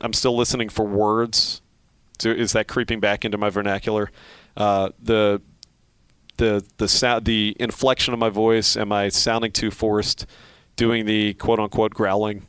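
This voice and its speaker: A middle-aged man from Philadelphia speaks in a low voice with a faint Philly accent. He is a play-by-play broadcaster, thinking aloud in a relaxed interview, full of restarts and fillers. The sound is dry and close. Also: measured pace, clear, resonant tone, dry recording. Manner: reflective, many restarts and fillers. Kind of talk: casual interview talk.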